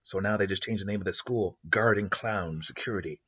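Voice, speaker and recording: Brief: male host, improvised storytelling, rambling delivery; husky, low voice. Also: brisk, sharp tone, dull audio. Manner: rambling, many fillers and restarts.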